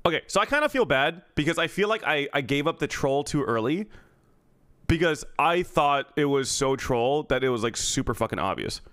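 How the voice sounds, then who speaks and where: A man's voice: a little high, big pitch swings, normal speed, fairly bright tone, dry recording, clean studio sound. A man streaming live in casual chat, swearing and thanking a subscriber along the way.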